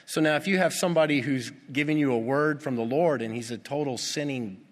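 A male pastor preaching a sermon, animated and putting rhetorical questions to his congregation. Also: mid-range voice, a little fast. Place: church. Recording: long reverb of a church hall.

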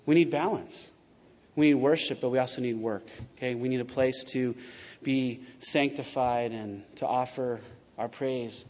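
A man's voice: mid-range voice, a little slow. Man preaching in a reverberant hall. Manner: conversational and animated, acts out quotes. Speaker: pastor. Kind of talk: sermon. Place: church sanctuary. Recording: muffled sound with long reverb in a large hall.

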